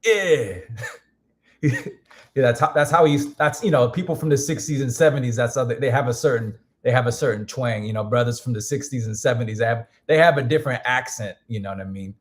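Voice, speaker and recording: A hoarse man in casual live-stream chat, rambling with frequent restarts and fillers. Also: medium pitch, quick pace, hardly any pauses. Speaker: music producer streaming.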